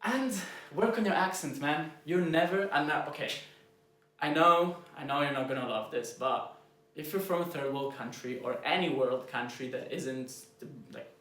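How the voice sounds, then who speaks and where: A man from Croatia, a native Croatian speaker with a learned American accent, coaching copywriters in a blunt, informal talk, going softer and slower to stress key points. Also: a little high, reverberant. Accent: American, learned as a second language. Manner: shifts loudness and speed for emphasis, drops soft and slow on key points. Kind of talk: casual instructional talk to camera.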